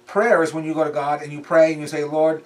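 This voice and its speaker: A man's voice: a little high, steady tone, fast talker, far from the mic. A man preaching in a casual, conversational way, repeating phrases for emphasis. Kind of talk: sermon.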